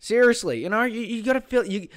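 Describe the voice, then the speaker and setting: A young Australian man hosting a casual solo podcast, swearing a lot and sarcastic, swinging between loud mock-excitement and low mutters. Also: fast talker. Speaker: podcast host.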